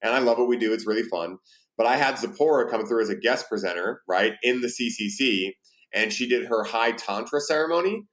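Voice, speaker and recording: A man's voice: medium pitch, lively intonation, a little fast, fairly bright tone. A man hosting a podcast interview, chatting casually and swearing now and then. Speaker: podcast host.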